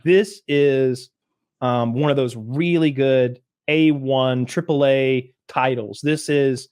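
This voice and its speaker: A man co-hosting a podcast, chatting casually and profanely, acting out scenes in quick put-on voices. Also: medium pitch, steady tone, a little mellow, clear, resonant tone, dry recording, studio quality. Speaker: podcast co-host. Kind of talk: casual chat.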